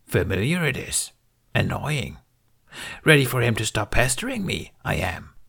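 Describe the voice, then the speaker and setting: Yoda, a man doing a high wise old creature voice. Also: very animated, normal speed, creaky, a bit bright, husky, full character voice. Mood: sage. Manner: inverted word order, sage and wry. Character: ancient small green male Jedi master, wise, teasing. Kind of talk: audiobook reading of fan fiction.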